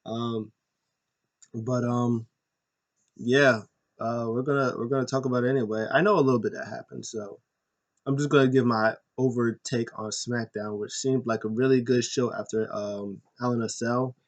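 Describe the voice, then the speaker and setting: A man's voice: medium pitch, fairly even intonation, moderate pace. A man chatting casually through a wrestling recap in a mid-range voice, the talk full of ums, uhs and restarts. He wanders and backtracks but keeps an easy, informal flow. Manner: rambling, many ums and uhs, self-correcting. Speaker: YouTube host.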